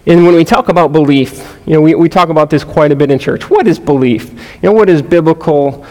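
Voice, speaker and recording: A man's voice: fairly high pitch, brisk, a little mellow. Earnest preaching man in a reverberant hall. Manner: earnest, conversational, frequent restarts and "you know". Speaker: pastor. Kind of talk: sermon.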